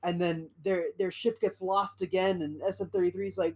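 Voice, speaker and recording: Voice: mid-range voice, level tone, brisk, darkish tone. A podcast co-host rambling through a fan theory in casual chat, full of restarts. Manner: rambling, many restarts and fillers.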